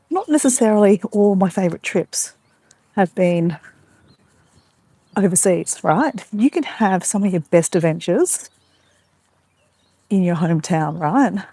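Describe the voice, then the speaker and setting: A woman's voice: fairly low pitch, warm tone, dry recording. A woman with an Australian accent, live-streaming from her phone as she walks along a beach at sunset, chatting casually and greeting viewers by name. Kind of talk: casual live-stream chat while walking. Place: outdoors on a beach walk at sunset. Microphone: phone held while walking.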